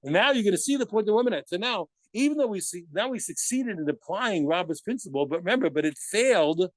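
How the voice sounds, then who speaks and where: A man teaching a daily Talmud study lesson in an animated way, asking himself rhetorical questions and answering them, and often stopping to correct himself. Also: high voice, quick pace, no room sound. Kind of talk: daf yomi study lesson.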